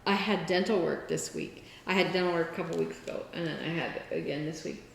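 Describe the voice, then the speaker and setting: A woman's voice: low voice, fairly even intonation, fast talker, gravelly, slight background noise. A woman co-hosting a casual crafting podcast, telling a story in a chatty way and acting out the people she quotes. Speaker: podcast co-host. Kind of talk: casual chat. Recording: roomy with long reverb.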